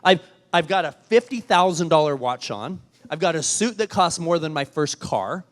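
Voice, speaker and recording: A man with a slightly raised pitch tells a story as the keynote at a gala. He speaks earnestly and with emphasis, stumbling on repeated words as he builds each point. His voice rings out through a large hall with a long, trailing reverb. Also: lively intonation, moderate pace.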